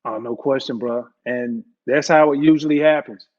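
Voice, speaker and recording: A man's voice: mid-range voice, fairly even intonation, normal speed, darkish tone. A man co-hosting a podcast, chiming in with brief reactions in casual chat. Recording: dull lo-fi sound.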